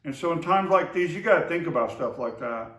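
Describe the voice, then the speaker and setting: Talking a little fast, a man with a high-leaning, expressive, fairly bright voice rambles through casual memories of his brother, full of fillers and restarts. His accent places him between Oklahoma and Texas. The mic is distant, picking up plenty of room echo.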